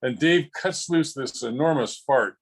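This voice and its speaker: A man's voice: medium pitch, measured pace, slightly rough, low-quality recording. A man telling funny stories at a memorial over a video call, rambling and chuckling with frequent restarts. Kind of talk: casual storytelling.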